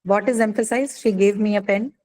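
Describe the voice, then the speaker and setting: A woman's voice: medium pitch, steady tone, a little fast, darkish tone, rough recording. A woman teaching an English grammar class, explaining patiently and often asking "right?" to check understanding.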